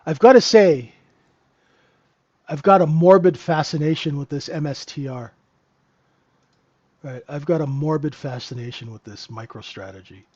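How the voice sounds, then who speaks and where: A man's voice: a little high, normal speed, pauses often, darkish tone, muffled recording. Chatty man hosting a live trading stream. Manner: chatty, joking, talks to chat viewers by name. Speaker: trading room host. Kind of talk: casual live market commentary.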